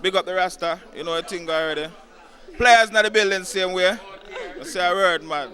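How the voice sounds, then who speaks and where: Bright Jamaican man thanking supporters. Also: high voice, brisk, a faint crowd. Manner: thankful, shouting out.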